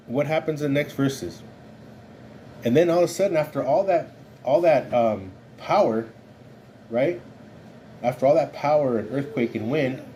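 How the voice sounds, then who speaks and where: Guy teaching bible study casually, keeps saying right?, soft warm tone. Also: medium pitch, slight background noise. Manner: conversational, keeps asking "right?".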